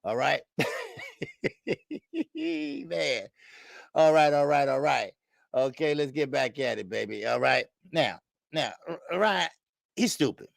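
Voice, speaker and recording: A man hosts a live-streamed boxing show in a high, gravelly voice that leaps up and down. He talks loosely and slangily with laughing asides, and the sound is close and dry with no room echo. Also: sing-song, takes it slowly, pauses often. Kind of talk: live-streamed commentary and chat.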